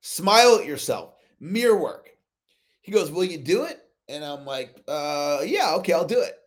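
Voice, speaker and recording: A man hosting a motivational coaching call over video, telling stories and acting out both sides of his conversations. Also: sits high. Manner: animated storytelling, acts out both sides of dialogues. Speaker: sales coach, call host. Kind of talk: motivational talk on a live call.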